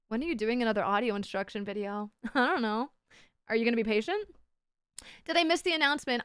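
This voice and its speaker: A young woman livestreaming as a VTuber, chatting with her viewers in an excitable, playful way, swearing and laughing often. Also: fairly high pitch, a little fast, smooth, no room sound, clean studio sound. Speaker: VTuber streamer. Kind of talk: casual livestream chat.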